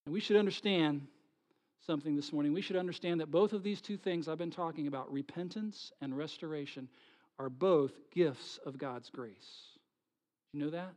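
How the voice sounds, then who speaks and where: A male pastor preaching a sermon, swinging between hushed, whispered lines and loud, pleading ones, often asking the congregation questions. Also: on the high side, normal speed. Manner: asks the congregation rhetorical questions.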